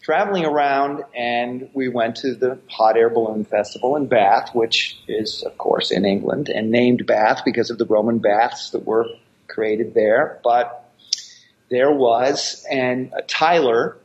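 A man's voice: mid-range voice, unhurried, lo-fi sound. An American man, a martial arts actor and guest, telling long rambling stories with many restarts. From United States. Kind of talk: storytelling interview chat.

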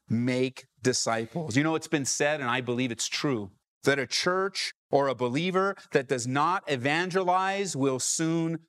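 Pastor guy preaching in church, kinda high voice, dry close sound, keeps asking the room stuff. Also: a bit bright, dry recording. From Southern California. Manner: preaching with rising calls to the congregation. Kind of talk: sermon.

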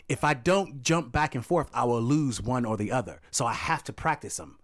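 A man's voice: mid-range voice, expressive, moderate pace, a bit bright, dry recording, studio quality. A man with an English accent from Dorset who acts for a living, explaining things at length and repeating himself in casual podcast chat. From England. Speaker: podcast co-host, actor.

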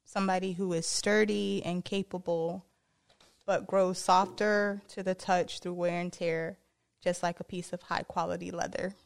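A woman's voice: lowish voice, level tone, moderate pace, gravelly. A woman hosting a podcast in casual chat, blunt and sassy with teasing asides. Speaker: podcast host.

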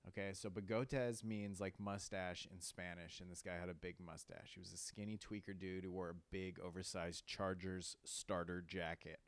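Chill socal dude rambling podcast stories, deep smooth voice, super dry mic. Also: male voice, level tone, normal speed, few pauses, no echo. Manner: rambling, swears a lot, says "like" often. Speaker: podcast host. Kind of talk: casual storytelling monologue.

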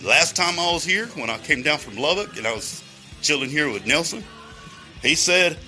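A man's voice: on the high side, animated, moderate pace, pushed and bright, faint music behind. A man in a rambling, profane monologue, going off on tangents and talking straight to his listeners. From Texas. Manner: heavy swearing, rambling tangents, addresses listeners directly.

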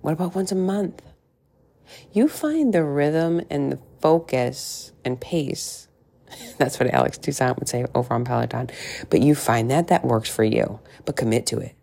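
A woman's voice: a bass voice, expressive, normal speed, creaky, mellow. A middle-aged woman coaching on weight loss in a frank, chatty monologue, swearing freely and tossing in asides. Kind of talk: casual podcast monologue.

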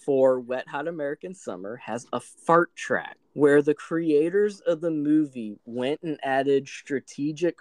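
A man's voice: a little high, unhurried, few pauses, no echo. A man in his thirties co-hosting a podcast, chatting casually and telling stories with lots of laughter. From Colorado. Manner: animated storyteller, laughs often. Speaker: podcast co-host. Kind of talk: casual chat.

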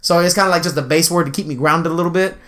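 A man's voice: on the high side, racing, a bit bright. A man in his twenties telling a rambling, profane story in casual chat, often putting on voices for the people in it.

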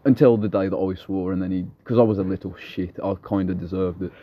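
A man's voice: low-pitched, fairly even intonation, quick pace, lo-fi sound. A young man in casual chat, blunt, swearing freely and rambling through stories.

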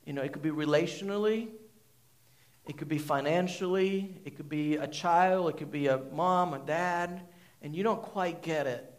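A man preaching a sermon to a congregation in a conversational, animated way, asking the audience questions and using many fillers. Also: fairly high pitch, normal speed. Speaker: pastor. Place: church hall before a congregation.

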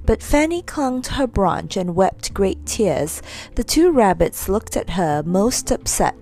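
Animated woman reading a storybook. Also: medium pitch, a little slow. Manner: expressive, animated.

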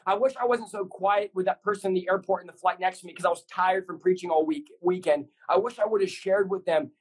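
A man's voice: high-pitched, fast, husky, low-quality recording. A man speaking as a guest on a podcast, preaching with intensity in short, repeated punchy lines. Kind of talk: fervent preaching in a podcast conversation.

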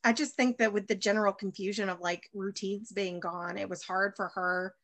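A woman's voice: medium pitch, steady tone, normal speed, a bit bright, no room sound. Chatty woman in her thirties. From United States. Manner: chatty, rambling with many fillers and restarts. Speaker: podcast guest, baker and chef. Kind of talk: casual interview chat.

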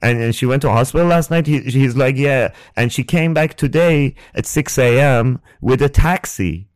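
A man hosting a podcast and telling a painful personal story. He speaks haltingly and emotionally, restarts often and swears, close to the mic. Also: mid-range voice, clean tone, dry recording. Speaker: podcast host. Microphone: close ASMR microphone.

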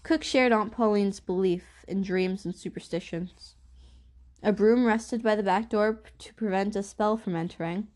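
A woman narrating a first-person novel as an audiobook, with an even, measured reading. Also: medium pitch.

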